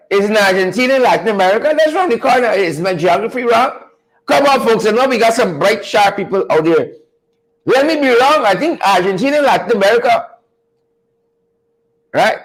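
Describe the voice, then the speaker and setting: A man with a high-pitched voice hosts a live news commentary show. He sounds folksy and a little preachy, repeating lines and calling out to his viewers as he goes. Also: low-quality recording. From Guyana. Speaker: show host.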